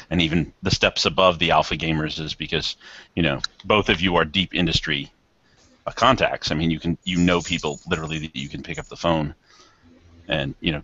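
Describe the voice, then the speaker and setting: A man hosting a podcast in a casual chat, quick to agree and laugh. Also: rumbling low, pushed and bright, breathy edge, no echo. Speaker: podcast host. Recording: dry, muffled lo-fi audio.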